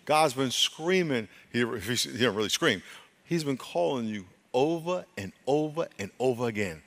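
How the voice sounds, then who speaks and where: A man preaching a sermon as pastor, moving between loud emphatic stretches and quiet, hushed talk, often restarting his phrases. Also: medium pitch, animated, moderate pace. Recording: long hall reverb.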